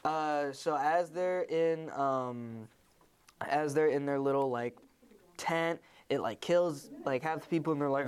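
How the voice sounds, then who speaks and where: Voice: medium pitch, unhurried, a little mellow, smooth. A young adult podcast host in casual chat, retelling a movie in a rambling way with many fillers and restarts.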